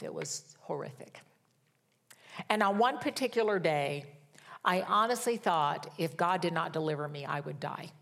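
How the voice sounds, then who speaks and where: A woman's voice: deep voice, fairly bright tone. A woman in her sixties preaching a sermon, telling a personal story with humor and fervent prayer. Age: 60s.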